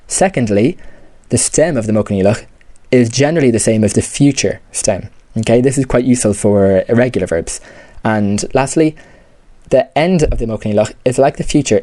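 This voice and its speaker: A language teacher explains grammar step by step in a patient lesson, repeating key terms and filling his speech with "you know" and "okay." His voice is fairly low and warm, with no room sound.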